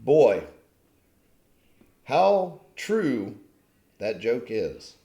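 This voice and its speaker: A man's voice: mid-range voice, big pitch swings, very slow, creaky, warm tone. A man ranting angrily at his viewers, swearing constantly and mocking them in a combative, profane tone. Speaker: channel host. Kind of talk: angry profane rant to camera. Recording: roomy echo.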